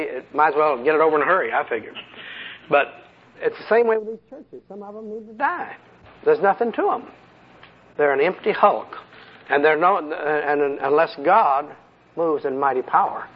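A man preaches in a folksy, conversational way and keeps putting rhetorical questions to his congregation. His voice sits a little high and sounds husky. The old recording is dull and muffled. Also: animated, normal speed. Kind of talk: sermon.

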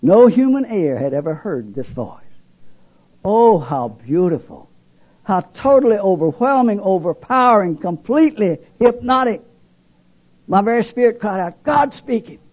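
An older man preaches a testimony in a husky, fairly high voice that leaps and drops dramatically. His tone is dark and mellow under the emphasis. The recording is dull and lo-fi. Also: very animated, normal speed. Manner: dramatic, swinging between loud emphasis and hushed lows. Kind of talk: sermon testimony.

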